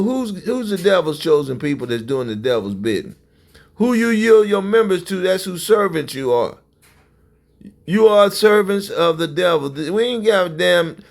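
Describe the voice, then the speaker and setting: A man preaching fiery religious commentary in a confrontational way, often breaking into shouts. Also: fairly high pitch, gravelly.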